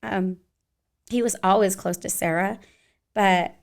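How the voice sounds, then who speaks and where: A woman's voice: medium pitch, steady tone, measured pace, vocal fry. A woman in her forties, a dance teacher, chatting casually as a podcast guest, rambling with many fillers. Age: 40s. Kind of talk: casual interview chat.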